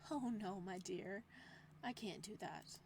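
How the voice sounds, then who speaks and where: A woman reading as an obsessive male librarian from a horror visual novel, speaking slowly in a hushed, doting tone. His gentleness hides a controlled menace. The voice sits at a middle pitch. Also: noisy background. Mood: gentle, doting. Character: possessive soft-spoken male librarian captor.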